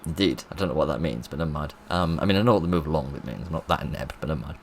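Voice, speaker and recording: A man giving let's play commentary, excitable and self-mocking, reading game lines aloud in put-on voices. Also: extremely low pitch, racing, few pauses, a little hiss or hum. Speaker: gaming video host.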